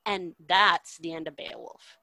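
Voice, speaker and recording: Bright, crisp woman swearing through a story. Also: fairly low pitch, measured pace, no echo, low-quality recording. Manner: animated, swears a lot, acts out characters' lines. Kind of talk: profane casual retelling of a poem.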